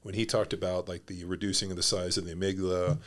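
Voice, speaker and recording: A man's voice: low-pitched, little pitch movement, quick pace. A man hosting a podcast in a casual, blunt and profane way, rambling through his thoughts. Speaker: podcast host.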